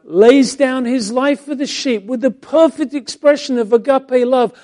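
A man preaching a Bible-teaching sermon as pastor, swinging between emphatic lines and hushed ones. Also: very high voice, moderate pace, hardly any pauses.

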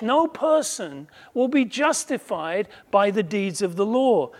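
Male preacher, high-pitched and unhurried; emphatic sermon delivery with hushed asides. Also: expressive. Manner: emphatic, swings between loud declaring and quiet asides; slow, measured delivery with quoted voices acted out.

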